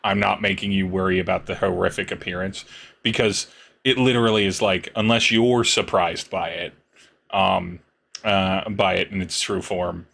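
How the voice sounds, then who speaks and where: A man's voice: low voice, little pitch movement, vocal fry, fairly bright tone. A man running a tabletop game as game master, narrating a monster's turn with frequent fillers and chuckles. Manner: halting, many fillers, chuckling.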